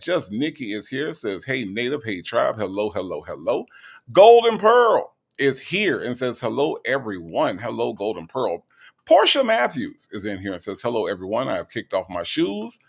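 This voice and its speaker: A man's voice: medium pitch, gravelly, fairly bright tone. A man hosting a casual livestream, greeting viewers from the chat in a playful, teasing way. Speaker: livestream host.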